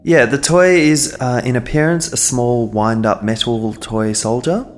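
A man co-hosting a podcast, chatting casually and animatedly. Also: medium pitch. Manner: animated, chatty, quick to react. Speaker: podcast co-host. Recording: long hall reverb, faint noise.

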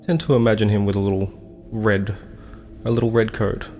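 A man co-hosting a podcast in relaxed, casual chat. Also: fairly low pitch, a little fast, a little hiss or hum. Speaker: podcast co-host.

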